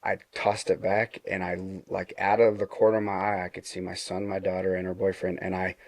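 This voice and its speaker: A man's voice: completely flat delivery, fairly quick, darkish tone, dry recording. A middle-aged man telling a personal story in a casual, earnest way, acting out the dialogue and often restarting his phrases. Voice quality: low gravelly voice.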